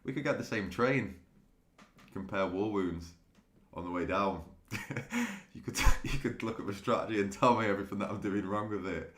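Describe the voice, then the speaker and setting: Chatty low-voiced man, echoey room. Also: brisk, a bit bright, slight background noise. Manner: chatty, laughs often, restarts sentences. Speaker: day trading streamer. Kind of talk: casual live-stream chat with viewers.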